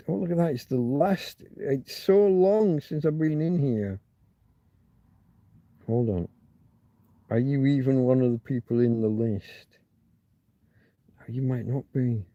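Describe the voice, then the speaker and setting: A man's voice: medium pitch, creaky, dark tone, no room sound, dull audio. A man hosting a loose livestream, thinking aloud and muttering asides as he reads viewers' chat. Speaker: livestream host. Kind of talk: rambling live chat with viewers.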